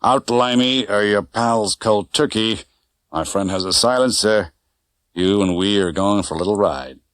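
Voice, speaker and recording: Guy doing a soft slow gangster, cold and hushed, smooth and low. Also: no room sound. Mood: menacing. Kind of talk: audiobook character voice.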